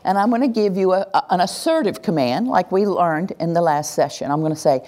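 Lady teaching a workshop group, lower voice that swoops all over, super animated. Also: fast, few pauses. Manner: animated, acts out cheering voices. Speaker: workshop presenter. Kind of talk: interactive teaching talk. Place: room with a live group.

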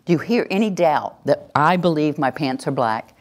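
A woman teaching a workshop to an audience, animated and acting out example voices. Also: low voice, moderate pace. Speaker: teacher trainer.

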